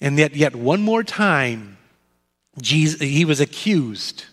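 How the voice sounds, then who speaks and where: Guy preaching a sermon, dramatic storyteller, bright voice, echoey church hall. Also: big pitch swings, takes it slowly. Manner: dramatic storytelling, drops to soft low tones.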